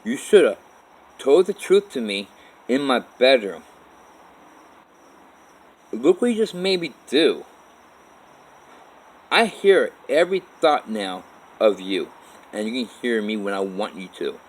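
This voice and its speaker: A man's voice: lowish voice, a little fast, hardly any pauses, natural voice, low-quality recording. A man re-enacting a teenage girl who angrily scolds him and curses. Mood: angry. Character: angry teenage girl, accusing and cursing.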